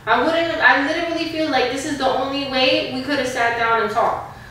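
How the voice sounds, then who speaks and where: A woman's voice: high voice, steady tone, a little fast, a bit bright. A woman hosting a home prank channel, talking casually and leaning on fillers like "like" and "guys", recorded at home. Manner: chatty, fills with "like" and "guys". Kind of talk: casual vlog talk and staged argument. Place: at home indoors. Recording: echoey room, mic at a distance, faint noise.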